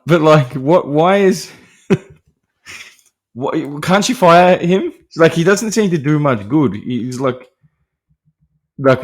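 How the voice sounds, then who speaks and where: A man hosting a podcast, talking through a film in a casual, rambling way with many fillers and restarts, laughing lightly between points. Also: medium pitch. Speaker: podcast host discussing horror films.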